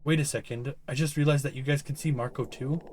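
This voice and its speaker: A man voicing a timid young boy patient who talks softly and apologetically. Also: medium pitch, steady tone, quick pace, a little hiss or hum, close to an everyday voice. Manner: soft, apologetic, rambling.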